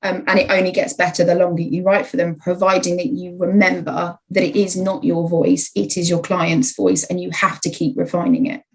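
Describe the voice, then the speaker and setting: Podcast guest: woman, lowish voice, measured and explanatory. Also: little pitch movement, slightly rough, rough recording. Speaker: podcast guest, content writer. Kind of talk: conversational interview.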